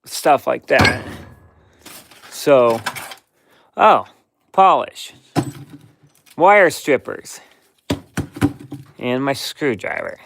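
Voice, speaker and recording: Slow, rambling man in a workshop. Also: medium pitch, big pitch swings, gravelly, noisy background. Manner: slow, rambling, talks to himself and his dog. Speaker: vlogger cleaning his workshop. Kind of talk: casual running commentary. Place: cluttered workshop and yard.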